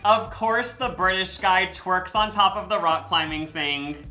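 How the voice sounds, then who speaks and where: A man's voice: high-pitched, measured pace, a crowd in the background. A young American man giving a sassy, sarcastic comedic reaction commentary with playful asides. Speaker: YouTube reaction host.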